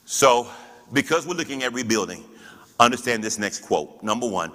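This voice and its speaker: Preaching pastor in a reverberant hall. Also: male voice, medium pitch, animated, normal speed, bright, forceful tone. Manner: call-and-response preaching, rhetorical questions. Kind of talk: church teaching.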